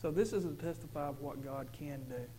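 A man with a fairly high voice telling his own testimony to a church crowd. He talks earnestly, restarting and repeating phrases as he goes. A faint hum sits under him. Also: fairly quick, dark tone, poor audio. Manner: earnest, repetitive, emphatic with stumbling restarts. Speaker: father giving a church testimony. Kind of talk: personal testimony to a congregation.

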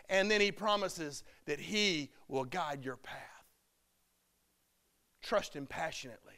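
A man preaching a sermon with emphatic delivery, building to loud shouted peaks. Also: a little high, animated, takes it slowly, pauses often.

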